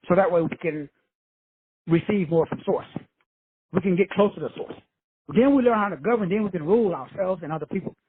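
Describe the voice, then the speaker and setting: A man's voice: high-pitched, husky, phone-quality sound. A man giving a preachy motivational talk, casual and swearing, calling listeners brothers and sisters. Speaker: self-help speaker.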